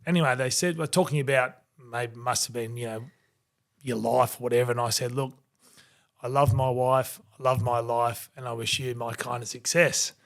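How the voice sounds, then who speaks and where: An Australian man in his forties tells his stories as a podcast guest, his voice at an ordinary middle pitch. He acts out the people he quotes along the way. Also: moderate pace. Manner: animated anecdotes, acting out quoted voices. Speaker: guest, former rugby league player. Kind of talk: storytelling in a podcast interview.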